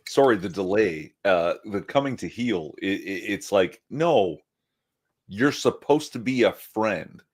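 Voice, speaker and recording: Low-voiced stammering podcast guy. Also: animated, a little slow. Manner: stammering, indignant. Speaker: podcast co-host. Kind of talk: casual chat.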